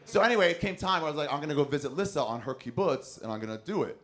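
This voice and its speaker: On a club stage, a man performs stand-up with a slightly high voice, firing off a long, foul-mouthed story at a rapid clip against a noisy backdrop. He's animated throughout and acts out the voices of the people in the tale.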